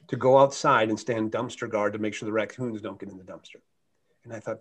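Husky-voiced American man telling a story. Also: fairly low pitch, brisk. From United States. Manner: earnest, animated anecdote with shifting loudness. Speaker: guest speaker. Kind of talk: motivational storytelling.

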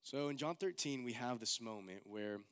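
A young man delivers a sermon in an easygoing, conversational way. His pitch sits in the middle. He is earnest and fills his sentences with casual "like"s. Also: animated, normal speed, clear, resonant tone. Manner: casual, earnest, heavy use of like.

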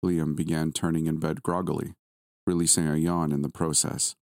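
A man with a very deep, low voice tells a first-person horror story. He reads at a calm, measured pace, close on a dry, dead mic. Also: no echo. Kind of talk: first-person scripted narration.

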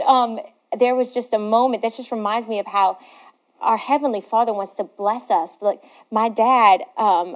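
A young woman co-hosting a Christian talk show, telling lively personal stories and adding frequent affirmations. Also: on the high side. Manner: warm affirmations, lively storytelling, laughs easily. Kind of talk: faith talk show conversation.

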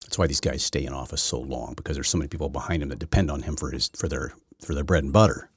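Deep husky man, rambling commentary. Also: fast, dry recording, clean studio sound. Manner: rambling, opinionated, many restarts and stammers. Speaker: podcast host. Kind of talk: political commentary monologue.

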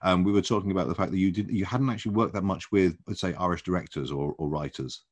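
A man who hosts a podcast and interviews his guest. His voice is very deep. He stumbles through his questions, hesitating and repeating words. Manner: halting, with many repeated words.

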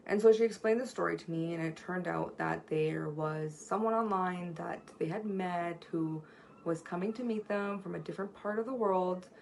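Woman presenter, low gravelly voice, earnest conversational seminar style, faint street noise behind. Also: moderate pace, darkish tone, rough recording. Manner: earnest, storytelling, frequent "right?" tag questions. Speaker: workshop presenter on communication. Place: at home near a street.

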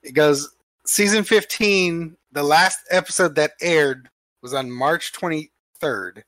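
A man co-hosting a podcast in casual chat, talking quickly and swearing casually, with frequent restarts. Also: on the high side, fairly bright tone, no room sound. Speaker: podcast co-host.

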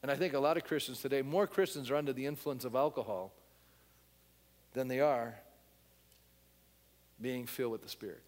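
A man's voice: medium pitch, moderate pace, long pauses, long reverb tail. A male pastor preaching a sermon, blunt and emphatic, talking to the congregation in a conversational way and asking them questions.

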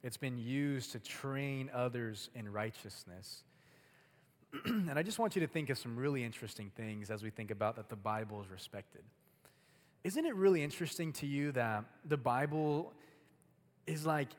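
A man's voice: medium pitch, expressive, normal speed. Young man preaching in an echoey hall. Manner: casual, chatty, heavy use of "like". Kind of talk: sermon. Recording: long hall reverb.

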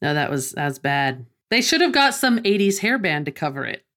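Middle aged mom cohosting a podcast, laid back, kinda low voice, reminiscing. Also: female voice, brisk. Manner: relaxed, reminiscing, easy laughter. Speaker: podcast co-host. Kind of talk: casual podcast chat.

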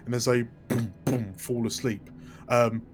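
A man's voice: medium pitch, steady tone, a little slow. A man narrating a tabletop game as game master, loose and full of fillers.

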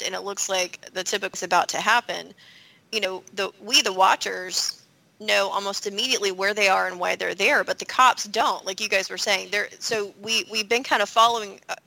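A woman on a podcast thinks out loud, circling back and restarting her sentences as she goes. Her voice is bright with a gravelly edge, and the recording is close and dry. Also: mid-range voice, dry recording, low-quality recording. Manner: rambling, self-correcting. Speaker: podcast co-host. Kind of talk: casual discussion.

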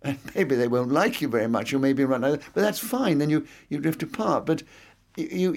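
A man's voice: medium pitch, gravelly, darkish tone. An older man with an English accent, reminiscing at length in an interview, with an expansive and anecdotal manner. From England. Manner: expansive, anecdotal, fond of digressions.

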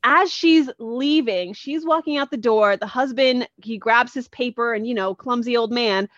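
A woman's voice: fairly high pitch, normal speed, dry recording, highs cut off. A woman on a podcast casually retelling a comic book story with lots of energy, acting out the characters' lines. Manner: animated, acts out characters' lines.

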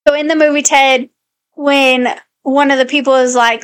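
A woman's voice: high voice, level tone, moderate pace. A woman co-hosting a podcast, chatting casually and fondly about her young kids. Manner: chatty, laughs at her kids' antics. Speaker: podcast co-host. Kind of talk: casual chat.

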